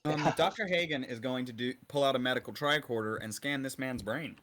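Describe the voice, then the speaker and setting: A man speaks as a player in a tabletop game, his pitch in the middle range. He talks in a clipped, matter-of-fact way. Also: fairly quick, fairly bright tone. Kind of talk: tabletop game play over a call.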